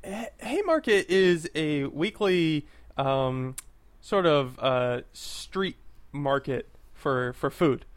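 A man's voice: a little high, lively intonation, takes it slowly. A man co-hosting a podcast in casual chat, rambling with hesitations. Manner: rambling, hesitant, lots of fillers and restarts. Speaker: podcast co-host.

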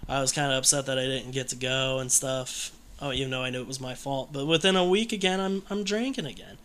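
A man talks candidly in a casual conversation, rambling along with plenty of fillers and restarts. His voice is bright and sits at a middle pitch. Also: quick pace. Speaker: guest telling his recovery story.

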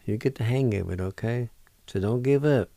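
A man hosting a radio language lesson, spelling words out and pronouncing each one slowly, syllable by syllable, in a patient, encouraging way. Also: mid-range voice, gravelly, mellow, no room sound. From Oklahoma, United States. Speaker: language teacher on a radio show. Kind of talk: slow spelling and pronunciation lesson.

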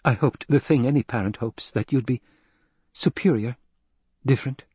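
A man voicing a grieving mother in an audiobook reading, speaking gently and low with a husky tone. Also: moderate pace, dry recording, lightly acted. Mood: gentle.

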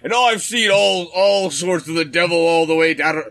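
A man voicing a pompous old British gentleman veteran in a put-on British accent, blustering. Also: sits high, moderate pace.

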